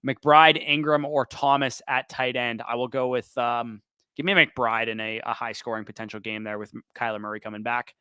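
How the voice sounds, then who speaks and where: A man hosting a livestream Q&A, quickly reading off player choices and picking one, while he is losing his voice. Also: medium pitch, steady tone, bright, forceful tone, smooth, no room sound. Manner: quick, listing names then picking one. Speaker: fantasy football show host. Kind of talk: livestream Q&A, rapid-fire start/sit answers.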